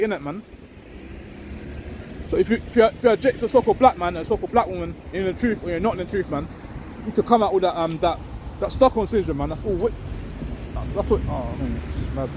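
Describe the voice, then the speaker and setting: A man giving an informal, rambling religious talk. He tags nearly every phrase with "man" or "innit" and reads scripture slowly and loudly. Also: sits high. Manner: reads scripture slow and loud. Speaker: street preacher. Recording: windy outdoor recording with wind noise on the mic.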